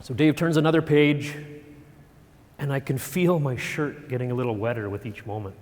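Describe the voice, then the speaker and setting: A middle-aged man giving a storytelling talk on stage, animated and self-deprecating. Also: medium pitch, normal speed. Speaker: speaker. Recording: long hall reverb.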